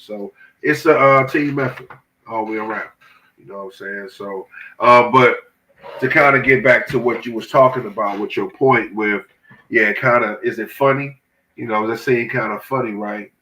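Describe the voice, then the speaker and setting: A man with a bright, forceful voice, stuffed up from his sinuses. He talks loose and slangy with a casual, conversational rhythm. The room around him is echoey. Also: fairly low pitch, normal speed, recorded from a distance. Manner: laid-back slang-heavy banter, "you know what I'm saying". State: congested from sinuses. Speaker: podcast co-host. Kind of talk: casual chat.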